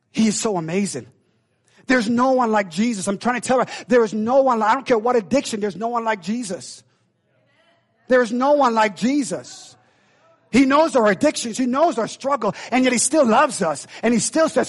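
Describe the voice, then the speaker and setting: A man preaching a sermon with impassioned delivery, swinging between loud calls and hushed, intense passages and acting out God's voice. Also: sits high, moderate pace.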